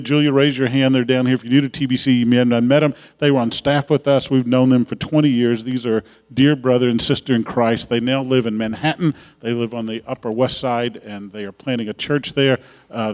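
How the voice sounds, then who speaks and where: A mid-pitched man speaking as pastor to his congregation. He gives announcements and leads a prayer in a relaxed, folksy way, with plenty of fillers and restarts. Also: in a large hall. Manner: folksy, warm-hearted chatter with frequent uh fillers.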